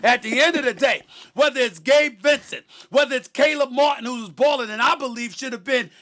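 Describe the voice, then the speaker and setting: A man hosting a heated sports debate show, loud and theatrical, swinging between shouting and low asides. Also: brisk.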